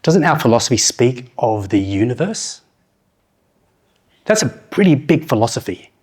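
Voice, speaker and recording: A middle-aged man giving a conference talk, asking the audience questions and slowing down to read proverbs aloud. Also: mid-range voice, sing-song, a little mellow, husky. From New Zealand. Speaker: conference speaker.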